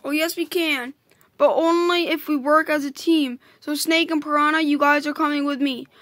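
A woman voicing a bossy female spider hacker, reading the lines aloud haltingly with restarts, in a high voice. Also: fairly even intonation, a bit bright, no echo, studio quality. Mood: explaining, bossy.

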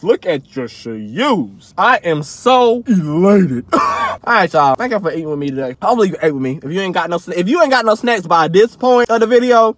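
A man rants in a comedic mukbang, eating between bursts of loud, exaggerated outrage. His voice sits high and swings widely up and down. The sound is dry and close, from inside a parked car. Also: dry recording. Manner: animated, loud ranting, exaggerated outrage, talks while eating. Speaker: comedy vlogger.

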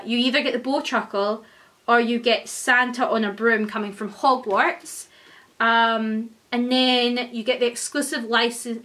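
A young woman, gushing and excitable as she chats through an unboxing for her vlog. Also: a little high. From Scotland. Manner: gushing, excitable, many exclamations. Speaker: vlogger. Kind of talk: casual unboxing chat.

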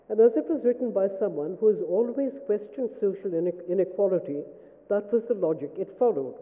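A woman giving a formal memorial lecture as a writer, speaking in a measured, reflective way and checking in with her listeners. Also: mid-range voice. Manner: measured, reflective, asks "Do you see?". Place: lecture hall. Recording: phone-like sound in a reverberant hall.

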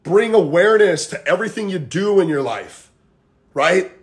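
A man's voice: sits high, lively intonation, moderate pace. A man coaching fitness over a livestream from home, chatting casually in a rambling, motivational way, saying "like" and "guys" a lot. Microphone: phone.

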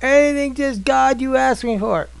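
Man doing a stressed-out working guy whining about bills, pitched way up. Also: normal speed, gravelly, clear, resonant tone, dry recording. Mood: whiny. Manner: whiny, listing excuses. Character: harried working man, full of excuses.

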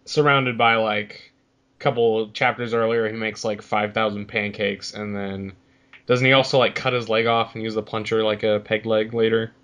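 A man's voice: on the low side, level tone, normal speed, a bit bright. A young man co-hosting a podcast, chatting loosely with fillers and questions. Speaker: podcast co-host. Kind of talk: casual chat.

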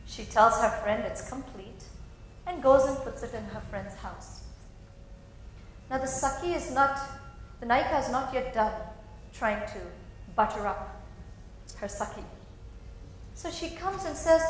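Slow, dramatic woman storyteller in a hall. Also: on the high side, a little hiss or hum. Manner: dramatic, expressive narration. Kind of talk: narrating a dance story. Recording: very echoey hall.

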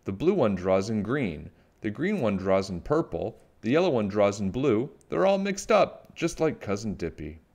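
A man's voice: fairly low pitch, big pitch swings, normal speed, hardly any pauses. A man voicing a cheerful, eager little girl witch in a storybook read-aloud. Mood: fretful. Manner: bright, delighted, childlike.

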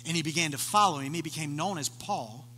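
A pastor with a high, bright voice preaches a sermon at a quick pace, telling the story animatedly and acting out the voices of its people. His voice rings through a long, reverberant church hall over a faint electrical hum.

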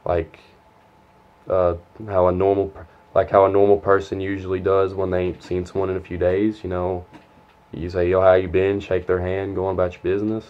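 A man's voice: deep voice, completely flat delivery, moderate pace, clean tone, highs cut off. A young man telling a long, rambling, profane story from his school days, quoting others as he goes. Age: young adult. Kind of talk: casual storytime vlog.

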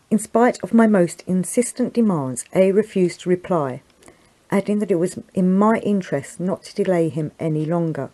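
A woman reading a book aloud, giving an earnest, expressive narration. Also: on the low side, moderate pace, low-quality recording. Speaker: audiobook reader. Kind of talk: scripted narration.

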